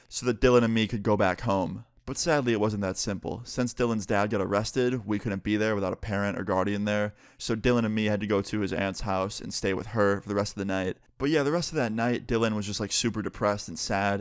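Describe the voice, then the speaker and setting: With a lowish voice, a young man from New York state gives an animated, casual retelling of something that happened to him, performing the dialogue and using "like" a lot. It's a studio-quality recording without room sound.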